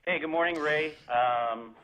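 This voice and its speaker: A man's voice: fairly high pitch, measured pace, fairly bright tone. A man calling in to a radio show as a health insurance representative, explaining things steadily with fillers. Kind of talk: phone-in radio interview. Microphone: telephone. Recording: tinny phone line.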